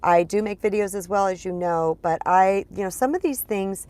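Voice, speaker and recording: A woman's voice: medium pitch, moderate pace, darkish tone, clear, resonant tone, no room sound. A middle-aged woman, a spiritual empowerment coach, teaching chattily on a live stream while congested. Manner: chatty, addresses viewers as "you guys".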